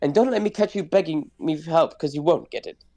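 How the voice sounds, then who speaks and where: A man's voice: a little high, fairly quick, loud music behind the voice, pitched above the performer's own voice, lightly acted. A man voicing a fussy, anxious male protocol robot who frets, complains and speaks primly. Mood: indignant. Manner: prim, fretful, complaining.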